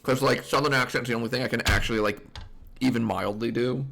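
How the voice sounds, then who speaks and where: Excitable male game streamer, gravelly voice. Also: medium pitch, fast talker. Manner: chatty, excitable, lots of likes and laughs. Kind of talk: live gameplay commentary.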